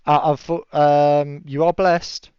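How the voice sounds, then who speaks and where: A man running a tabletop game as game master, relaxed and chatty, laughing often and yelling enemies' cries in high voices. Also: slow, clean tone, dry recording. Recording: dull lo-fi stream audio, dry.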